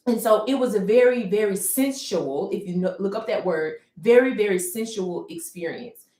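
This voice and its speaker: A woman telling her personal story during a livestream, reflective and searching for words, with many pauses and restarts. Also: mid-range voice, mellow. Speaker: painter livestreaming. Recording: roomy echo.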